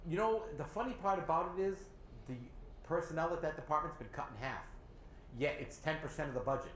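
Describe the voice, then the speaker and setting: A man with a New England accent hosting a local talk show, animated and sarcastic as he criticizes city leaders. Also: on the high side, a little fast. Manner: animated, sarcastic, mocks others in put-on voices. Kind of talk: opinionated local politics discussion. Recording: echoey room with faint ambient noise.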